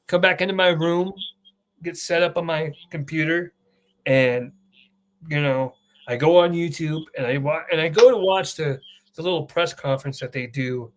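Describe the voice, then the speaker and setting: A young man hosting a casual wrestling chat, an excitable storyteller who swears freely. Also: fairly high pitch, normal speed. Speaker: podcast host.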